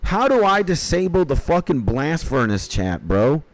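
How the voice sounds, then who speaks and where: A man's voice: on the high side, sing-song, normal speed, dry recording, low-quality recording. A young man streaming a game, chatting casually with viewers, swearing freely and reading quest dialogue aloud. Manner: swears casually, greets chat viewers by name.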